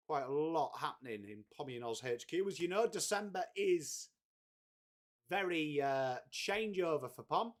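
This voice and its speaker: Sweary stream host. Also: male voice, sits high, normal speed. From England. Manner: chatty, swears freely, greets viewers by name. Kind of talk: casual live watchalong chat.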